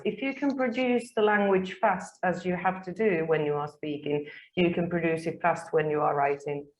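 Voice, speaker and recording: A woman's voice: sits low, low-quality recording. Chatty native-English woman panelist. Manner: emphatic, with many ums. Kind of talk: webinar panel discussion.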